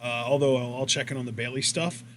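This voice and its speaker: A man's voice: medium pitch, fast, noisy background. A man co-hosting a wrestling podcast in casual commentary, rambling and swearing as he retells matches. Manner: rambling, profane, animated retelling.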